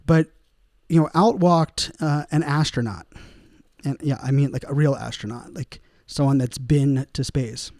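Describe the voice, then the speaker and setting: A man's voice: medium pitch, unhurried, a little mellow, no room sound, studio quality. A man hosting a solo podcast, talking casually and rambling with lots of fillers, chuckling at his own puns. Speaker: podcast host.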